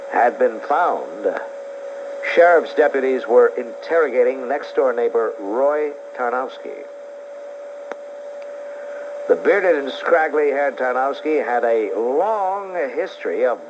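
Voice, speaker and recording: A man hosting call-in talk radio, combative and indignant. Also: medium pitch. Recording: dull lo-fi radio tape with hiss.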